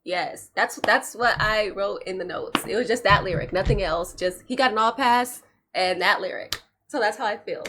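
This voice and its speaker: A woman's voice: mid-range voice, normal speed, noisy background. A woman hosting a reaction video, chatting casually and checking her notes, with frequent restarts. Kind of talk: casual commentary.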